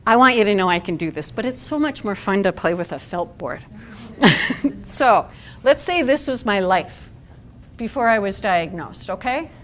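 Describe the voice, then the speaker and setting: A woman's voice: mid-range voice, animated, normal speed, fairly bright tone, a little hiss or hum. A middle-aged woman giving a talk to an audience at a support event, conversational and asking the room questions.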